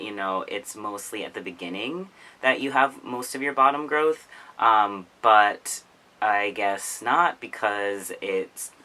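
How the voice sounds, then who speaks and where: Vlogger, male, low register with a sharp bright edge, rambling filler-heavy casual talk. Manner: rambling, full of "like" and "um". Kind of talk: casual chat.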